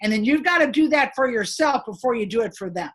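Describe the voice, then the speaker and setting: A middle-aged woman giving an upbeat, emphatic motivational training talk to her sales team, chatty and quick to laugh. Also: on the high side, lively intonation, slightly rough. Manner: laughs between points.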